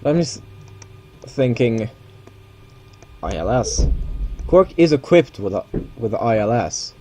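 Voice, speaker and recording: A man's voice: medium pitch, sing-song, slow pace, dark tone, slight background noise. A man giving casual, rambling commentary while playing a flight simulator. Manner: rambling, chatty asides with self-corrections.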